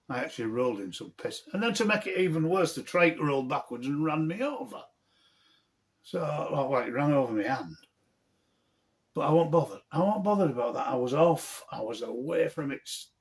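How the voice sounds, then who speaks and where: Animated man spinning a yarn. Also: mid-range voice. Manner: animated, colourful, earthy and self-mocking. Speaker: author telling his own story. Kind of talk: humorous personal storytelling.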